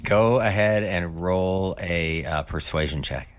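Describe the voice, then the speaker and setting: A man's voice: deep voice, slow, clean tone. A man narrating as game master of a tabletop game, talking loosely with lots of fillers. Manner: rambling, loose, filler-heavy.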